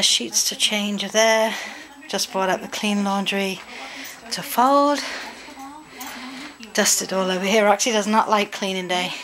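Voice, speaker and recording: A woman's voice: mid-range voice, background noise. A middle-aged English woman chatting casually to her viewers in a daily home vlog, rambling from one thing to the next. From England. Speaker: vlogger. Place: at home, indoors.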